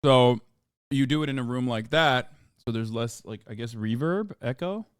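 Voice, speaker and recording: A man's voice: medium pitch, normal speed, clear, resonant tone, no echo, studio quality. A man hosting a stream, riffing and cursing casually as he reacts to a video. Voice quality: animated, profane, riffing.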